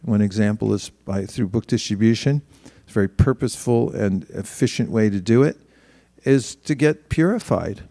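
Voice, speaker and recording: A man's voice: lowish voice, moderate pace, creaky, mellow, dry recording. A man giving a spiritual talk in a conversational way, often restarting his sentences and livening up for quoted asides.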